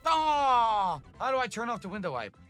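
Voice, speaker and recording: High-voiced guy ranting and cursing on stream, bouncy pitch, some music in the back. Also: very animated, moderate pace, fairly bright tone. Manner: ranting, profane, self-pitying. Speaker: gaming streamer. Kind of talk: livestream gameplay rant.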